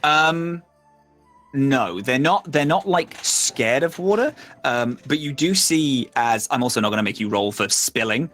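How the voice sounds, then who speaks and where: A man narrating as game master, rambling with lots of fillers and slipping into quick voices for side characters. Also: mid-range voice, lively intonation, a bit bright, soft background music.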